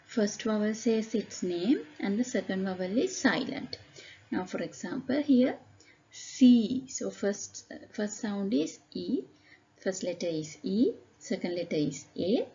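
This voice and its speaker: A woman teacher giving a phonics lesson, reading word lists aloud slowly and deliberately, calling out each word loudly. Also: mid-range voice, lo-fi sound.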